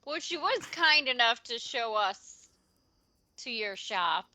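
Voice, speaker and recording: A woman's voice: on the high side, lively intonation, slow pace, sharp tone. A woman playing a tabletop game, speaking politely and tentatively. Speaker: player. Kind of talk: in-character tabletop play.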